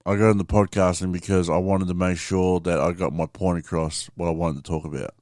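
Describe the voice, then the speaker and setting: A man's voice: sits low, fairly even intonation, brisk, darkish tone, dry recording, studio quality. A man hosting a podcast, rambling casually through a story and swearing freely as he talks to his listeners. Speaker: podcast host.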